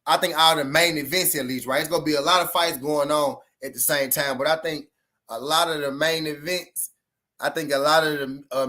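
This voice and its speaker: Southern guy hosting a boxing stream, kinda high voice, loose and chatty with chat. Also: pushed and bright. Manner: loose and chatty, talks straight to chat, repeats himself. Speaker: boxing livestream host. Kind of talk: casual livestream chat with viewers.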